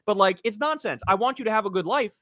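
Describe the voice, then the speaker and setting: A high-voiced man rants through a casual podcast chat, swearing hard and hammering his points as a political commentator. His voice is close and dry, with no room around it. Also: expressive, quick pace, pushed and bright, dry recording. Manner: profane, ranting, emphatic.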